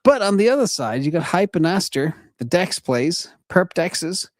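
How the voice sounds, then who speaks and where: Male market-show host, lively and emphatic, voice going hoarse, close dry mic. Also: high-pitched, moderate pace, no echo. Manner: lively, emphatic, chuckles between points. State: losing his voice. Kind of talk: casual market commentary.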